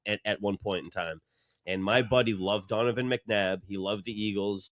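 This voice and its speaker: A man's voice: lowish voice, normal speed, fairly bright tone, no room sound. A man co-hosting a sports podcast, telling long-winded stories in a rambling, profane way with lots of restarts. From New England. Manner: rambling, profane, self-interrupting. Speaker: podcast co-host. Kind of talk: casual sports chat.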